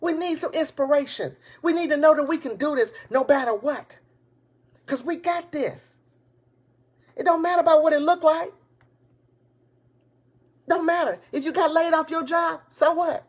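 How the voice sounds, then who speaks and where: A woman giving a live motivational talk to her viewers, excited and preachy, repeating her points and speaking in casual, folksy grammar. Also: high-pitched, moderate pace, long pauses. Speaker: motivational speaker and business coach. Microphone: tablet device.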